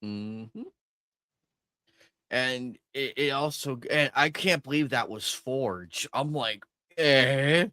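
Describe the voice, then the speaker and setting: A man's voice: mid-range voice, slow, sharp tone, no echo. A man co-hosting a watch party stream, chatting enthusiastically about cartoon episodes, laughing easily. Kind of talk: casual chat reviewing cartoon episodes.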